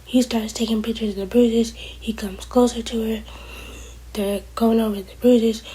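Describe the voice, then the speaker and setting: Husky, mellow-voiced woman recapping a show. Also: on the high side, fairly even intonation, normal speed, low-quality recording. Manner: chatty, opinionated asides to characters. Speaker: TV episode reviewer. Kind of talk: casual recap vlog.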